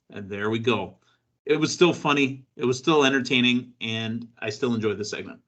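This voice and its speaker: A man's voice: mid-range voice, normal speed, fairly bright tone. A man hosting a wrestling podcast, talking casually and joking with his co-host. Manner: chatty, joking, with fillers.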